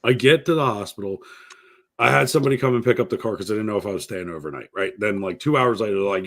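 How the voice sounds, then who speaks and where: A man's voice: on the low side, fast talker, fairly bright tone. A man hosting a casual podcast, telling stories bluntly and swearing freely while teasing his crew. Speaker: podcast host. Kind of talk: casual chat, profane storytelling.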